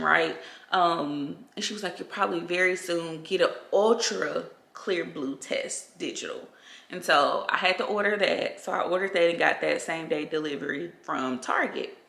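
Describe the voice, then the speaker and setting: Gravelly young woman in an echoey room. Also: lowish voice, bright, forceful tone. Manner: chatty, often addresses viewers as y'all. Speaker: vlogger. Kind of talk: casual personal story to viewers. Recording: roomy echo.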